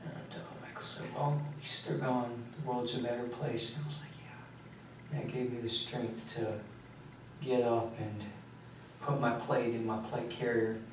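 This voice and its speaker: Teen male suspect, halting and quiet; distant mic, echoey room, faint hiss. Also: mid-range voice, little pitch movement. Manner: quiet, halting, with many fillers. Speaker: suspect under interrogation. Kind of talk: recounting events in a police interview. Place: interrogation room.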